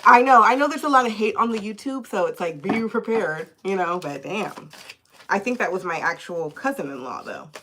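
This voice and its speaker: A woman's voice: medium pitch, moderate pace, slight background noise. Fired-up woman tarot reader on a phone livestream. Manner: animated, indignant, swears freely. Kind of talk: live-streamed tarot chat.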